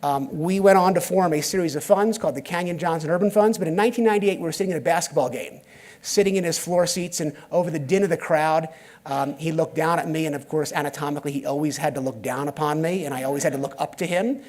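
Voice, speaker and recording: On stage at a conference with a live audience watching, a middle-aged keynote speaker from the United States talks quickly in a fairly high, slightly mellow voice. He spins stories, acting out the dialogue and slipping in wry asides.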